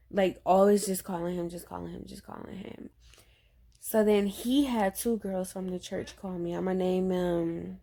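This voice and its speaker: A young woman telling a story to her viewers in a relaxed, unhurried way. Her voice is mellow and a little dark. She acts out the lines other people said in a chatty, lively way. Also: on the low side. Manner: chatty, animated retelling with acted-out quotes. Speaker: vlogger. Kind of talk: casual storytime.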